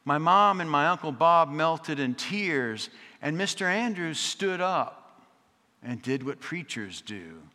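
A man delivers a storytelling sermon with a bright, clear voice. He drops in wry, chatty asides and leans on rhythmic repetition. The sound rings out with a long reverb, as in a church sanctuary. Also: on the high side, big pitch swings, takes it slowly. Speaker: preacher. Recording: long reverb of a large hall.

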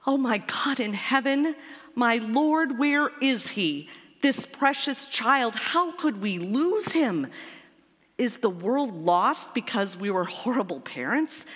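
A frantic, distraught parent searching for a lost son, as a woman preacher acts it out. The pleading comes out a touch higher than her usual speaking voice. Long reverb rings around every word. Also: animated, unhurried, few pauses, husky.

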